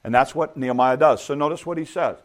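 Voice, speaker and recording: A man's voice: mid-range voice, fast talker. A middle-aged man preaching a sermon in a conversational way, asking his listeners rhetorical questions. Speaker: pastor.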